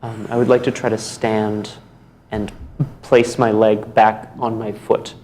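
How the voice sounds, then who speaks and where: A man playing a tabletop game, talking in a hesitant, halting way. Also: on the low side, flat delivery, a little mellow, a little hiss or hum. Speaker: player. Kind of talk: casual tabletop game chat.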